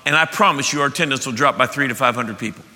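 A man preaching a sermon as pastor, emphatic and animated, often restarting his sentences. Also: mid-range voice, racing. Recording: echoey hall.

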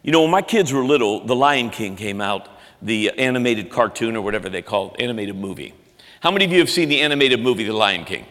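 A man preaching a sermon, swinging between loud emphatic lines and quiet low ones. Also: expressive, fast talker, in a large hall. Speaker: pastor.

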